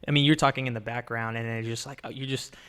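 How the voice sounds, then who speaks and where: A man's voice: mid-range voice, fairly even intonation, quick pace, fairly bright tone, clean tone. Man, podcast host, casual rambling chat, frequent fillers and restarts.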